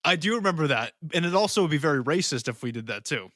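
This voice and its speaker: A man with a slightly raised pitch co-hosts a podcast, moving between read segment introductions and crude, jokey asides. His voice sits close and dry on the mic. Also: animated, fast, fairly bright tone, no echo. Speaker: podcast co-host. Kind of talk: casual chat with scripted segments.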